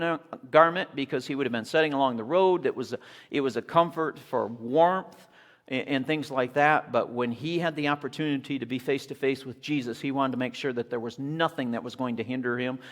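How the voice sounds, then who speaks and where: Animated male preacher in an echoey hall. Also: medium pitch. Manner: animated storytelling, acts out scenes. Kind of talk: sermon.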